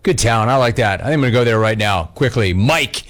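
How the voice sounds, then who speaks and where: A man's voice: medium pitch, expressive, a little fast. A man hosting a talk radio show, taking callers with brash, teasing banter.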